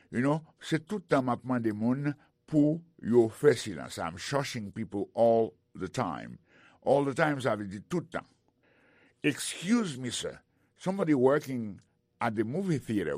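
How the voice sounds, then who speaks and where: A man teaching English in a radio lesson, explaining phrases slowly and spelling words out letter by letter. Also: medium pitch, dry recording, clean studio sound. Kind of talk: bilingual radio language lesson.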